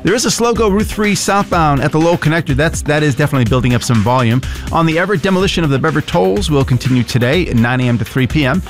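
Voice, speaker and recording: Middle-aged New radio co-host. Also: male voice, fairly high pitch, expressive, racing, few pauses, faint music behind. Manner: agreeable, laughs easily. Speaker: radio co-host and traffic reporter. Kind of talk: casual radio banter and traffic report.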